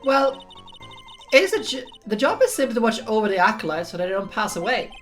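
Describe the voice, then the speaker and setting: A woman's voice: a little high, very animated, fast, faint music behind, voice pushed up. A woman voicing a chatty older nun with a bad back, reading game dialogue in a hearty, exaggerated manner.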